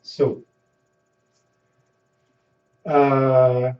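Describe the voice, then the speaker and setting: A man teaching a language lesson, patiently explaining and repeating example phrases slowly. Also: mid-range voice, level tone, darkish tone. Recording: echoey room, dull sound, mic at a distance.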